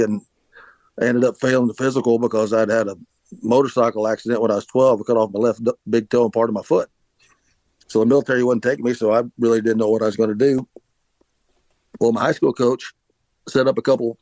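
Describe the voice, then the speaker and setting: A man's voice: medium pitch, a little mellow, dry recording. A middle-aged man hosting a podcast, telling a long story casually, with frequent restarts and filler words. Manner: rambling, many restarts and "uh"s. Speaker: podcast host, former pitcher.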